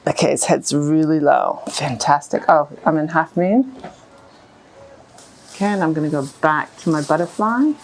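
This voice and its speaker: A woman's voice: low-pitched, moderate pace, a little hiss or hum, low-quality recording. A woman narrating a hands-on horse bodywork session as she does it, chatty and step by step. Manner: chatty, talks through each move as she works. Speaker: equine bodywork practitioner. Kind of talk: live narration of a hands-on technique. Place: with a horse, in a stable or yard. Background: faint music.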